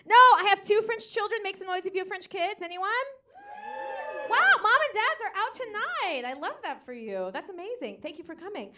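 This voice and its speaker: A woman's voice: very high voice, sing-song, a little fast, bright, forceful tone. An American woman in her thirties performing live stand-up comedy, brassy and sassy, laughing at her own jokes and acting out voices. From United States. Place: comedy stage in front of a live audience.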